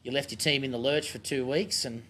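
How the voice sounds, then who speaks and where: A man's voice: mid-range voice, steady tone, brisk, bright, forceful tone, a little hiss or hum. An Australian man hosting a casual club show and coaching a junior footy team, laid-back and matey as he jokes with kids.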